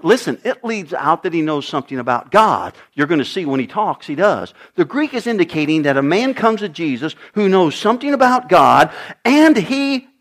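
Older guy preaching, keeps repeating lines and asking the crowd stuff, high voice that swoops around a lot. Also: fairly bright tone. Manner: emphatic, repeats phrases, asks the congregation questions. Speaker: pastor. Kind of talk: sermon.

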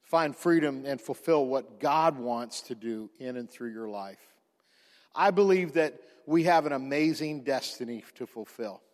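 A man pastor telling a personal story in a sermon, animated, with frequent restarts and repeated words. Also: mid-range voice, measured pace, big-room sound.

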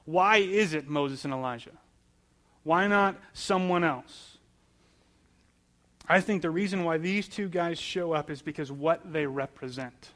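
A man's voice: on the high side, a little slow, a bit bright. A man preaching a sermon in a conversational way, asking questions and answering them, repeating phrases for emphasis. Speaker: pastor.

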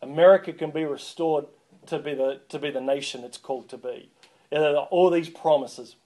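Joking pastor preaching. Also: male voice, fairly high pitch, normal speed. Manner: lively, joking, calls for responses. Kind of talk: sermon.

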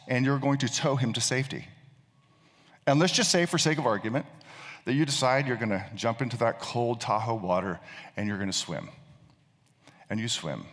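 A male pastor preaching a sermon, telling a story and often repeating words as he thinks. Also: mid-range voice. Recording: long reverb of a large hall.

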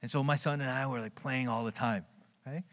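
A man in his thirties preaching a sermon as pastor, telling stories in a conversational way, with big swings in pitch and frequent tag questions. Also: fairly even intonation, fairly quick, a bit bright. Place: church sanctuary. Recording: long hall reverb.

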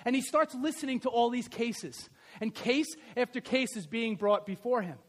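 A male pastor with a strikingly high voice delivers a sermon in a loose, conversational way. He climbs to loud, emphatic peaks, then drops to soft asides full of fillers and restarts. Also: animated, normal speed. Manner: conversational, with fillers and self-corrections.

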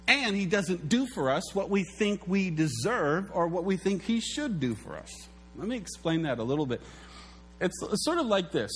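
Male pastor giving a sermon; animated storyteller with a slightly high pitch and faint hum in the background. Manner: animated storytelling, acts out quotes.

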